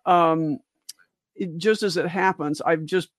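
A woman's voice: low-pitched, steady tone, slow, no echo, studio quality. Older woman, rambling emphatic talk. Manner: rambling, with many restarts and asides. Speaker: co-host physician. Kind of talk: livestream discussion.

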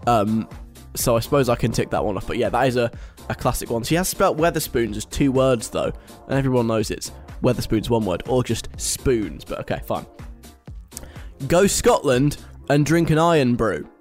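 A man's voice: mid-range voice, animated, a little fast, few pauses, a little mellow, faint music behind. Wry, chatty British radio host, a man. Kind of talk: casual radio talk.

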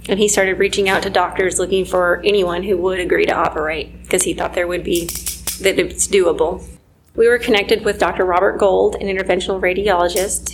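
A woman's voice: fairly low pitch, vocal fry, low-quality recording. Woman, thirties, earnest personal testimony, drops to near whispers, faint background hiss. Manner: earnest, emotional, quiet moments near a whisper. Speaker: mother telling her story.

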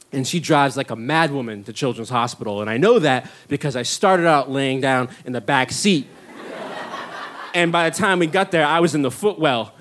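A man, telling a rambling comic story full of likes and uhs. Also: fairly high pitch. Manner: rambling, many likes and uhs, animated when excited. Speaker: stand-up comedian and storyteller. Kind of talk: storytelling monologue.

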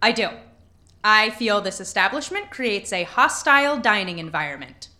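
A woman's voice: medium pitch, animated, moderate pace, bright, forceful tone, slight background noise. An actress playing an anxious young woman who talks herself into courage. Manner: shaky, self-coaching, earnest.

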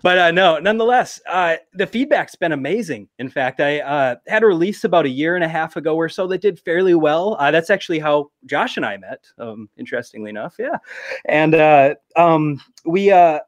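A man's voice: on the high side, animated, normal speed, no echo. A man with a Minnesotan accent, a guest musician chatting casually and laughing easily on a video call. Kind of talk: casual interview chat.

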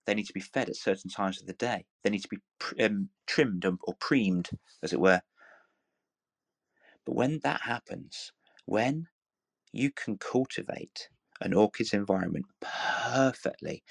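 A man talks warmly in an encouraging, motivational way, repeating phrases and restarting as he presses a point. His voice sits low. The sound is dry and close, with no room around it. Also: expressive, measured pace, creaky, no echo. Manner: earnest, repetitive, coaxing, full of restarts. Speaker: live audio room speaker.

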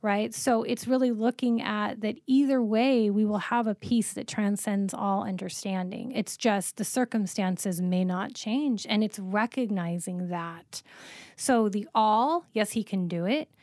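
A woman's voice: mid-range voice, measured pace, darkish tone, dry recording. Earnest woman host, dry close sound. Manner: earnest, quotes scripture, many fillers. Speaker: podcast co-host. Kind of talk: faith-based podcast conversation.

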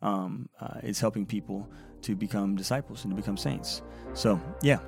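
A man's voice: on the low side, moderate pace, vocal fry, faint music behind. A man who is a Catholic priest, hosting a podcast in a casual, rambling way, reading out listener feedback with lots of fillers and repeated words.

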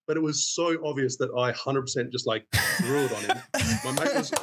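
A man telling stories as a podcast guest, animated and acting out quoted dialogue. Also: medium pitch, husky. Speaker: guest bartender. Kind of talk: casual storytelling.

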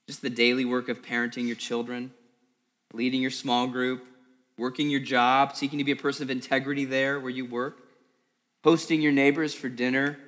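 A man's voice: medium pitch, a bit bright. A male pastor giving a sermon, conversational and vivid, often repeating words as he tells a story. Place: church service in a school hall. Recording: long hall reverb.

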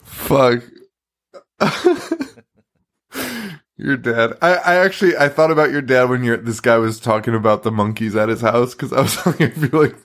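A man's voice: medium pitch, normal speed, long pauses. A man co-hosting a podcast in casual chat, swearing freely and breaking into laughter all the time. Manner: profane, laughs constantly, excitable. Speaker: podcast co-host.

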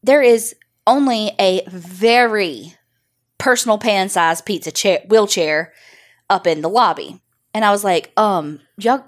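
A woman's voice: medium pitch, a little slow. A woman, chatting on a podcast in a blunt, joking way with frequent swearing. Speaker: podcast co-host. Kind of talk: casual chat.

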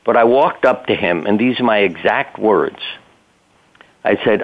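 An older man's low, steady voice comes down a thin, phone-like line. He tells his stories in a relaxed way as a guest, chuckling now and then and voicing the people in them. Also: a little slow. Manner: conversational storyteller, chuckling, acts out quotes. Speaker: guest, doctor. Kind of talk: casual storytelling interview.

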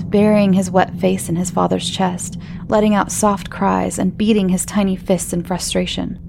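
A woman narrating a horror story in a calm, measured way. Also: mid-range voice, creaky, noisy background.

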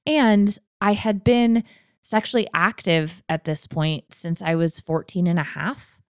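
A woman's voice: fairly low pitch, fairly even intonation, unhurried, clear, resonant tone, no room sound, clean studio sound. A woman in her twenties hosting a podcast, telling a personal story in an earnest, open way. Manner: earnest and open, emotional at times. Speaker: podcast host.

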